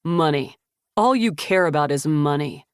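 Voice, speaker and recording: A protective young man in an audiobook, firm and defiant toward his mother, read by a woman narrator. The voice stays low and steady, with a dry, close sound. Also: unhurried, clear, resonant tone, no echo.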